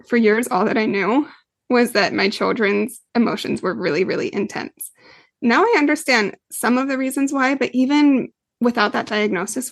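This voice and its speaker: A woman's voice: mid-range voice, no echo. A woman guest on a podcast interview who explains parenting earnestly, with frequent fillers. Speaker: guest expert, parenting coach.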